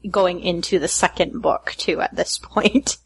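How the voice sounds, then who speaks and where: A woman's voice: on the low side, steady tone, unhurried, gravelly, breathy edge. A woman co-hosting a podcast, making dry, wry asides. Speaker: podcast co-host. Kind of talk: casual chat.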